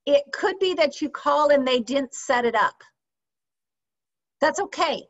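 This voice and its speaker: A woman teaching a sales training session, lively and often checking in with her audience with questions. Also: high-pitched, a little slow. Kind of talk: training session on a video call. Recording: slightly dull lo-fi sound.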